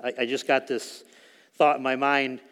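A man's voice: medium pitch, little pitch movement, normal speed, fairly bright tone, clear, resonant tone, long reverb tail. A middle-aged man giving a conversational sermon testimony in a church, telling a story with frequent fillers. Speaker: speaker at church.

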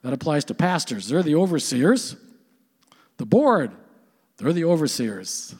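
A man's voice: on the high side, very animated, measured pace, darkish tone, husky, in a large hall. An older man preaching a sermon as pastor, earnest and conversational, asking his listeners questions.

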